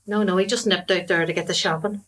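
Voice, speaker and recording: A woman's voice: lowish voice, fairly even intonation, quick pace, a bit bright, natural voice. An actress playing a chatty, gossipy middle-aged mother with a Belfast accent. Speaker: mother and wife. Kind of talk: comedy drama acting.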